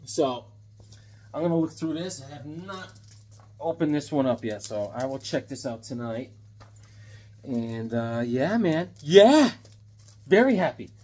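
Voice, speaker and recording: A man's voice: medium pitch, expressive, measured pace, long pauses, a little mellow. A man in his seventies chatting casually and enthusiastically while showing off his haul of old comic books, rambling and joking as he goes. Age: 70s. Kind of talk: casual haul video chat.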